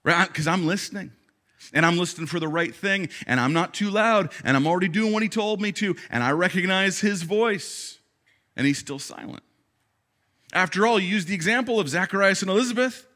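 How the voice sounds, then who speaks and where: A pastor in his thirties preaches a sermon in a higher voice for a man. He talks conversationally, stumbles into quick restarts, and slips into the voices of the people he quotes. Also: lively intonation, sharp tone.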